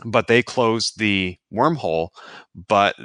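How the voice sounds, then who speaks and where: Measured man with a bright, dry voice. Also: lowish voice, no room sound. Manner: measured, analytical. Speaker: podcast co-host. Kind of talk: casual chat, analyzing a TV episode.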